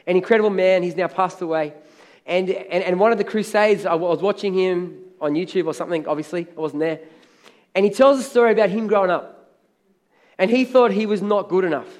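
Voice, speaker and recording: Emphatic high-voiced male preacher. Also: darkish tone. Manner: emphatic, repeats phrases, asks the congregation for amens. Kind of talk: sermon. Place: church hall.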